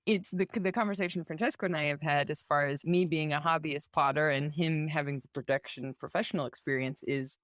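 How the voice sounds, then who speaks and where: A woman's voice: low voice, steady tone, a little fast, few pauses, no room sound, clean studio sound. A woman hosting a podcast interview, who thinks aloud and talks her way through long questions. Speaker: podcast host. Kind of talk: casual interview.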